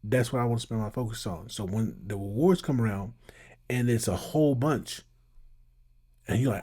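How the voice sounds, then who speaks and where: A man's voice: medium pitch, moderate pace, mellow, breathy edge. A man hosting his own channel, giving emphatic casual commentary and reacting to clips. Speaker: channel host.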